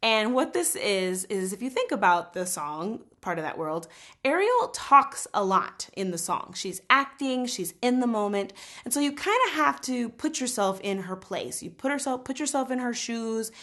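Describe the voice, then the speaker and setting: A woman teaching a casual singing lesson, animated and explaining with quick spoken and sung examples. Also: on the high side.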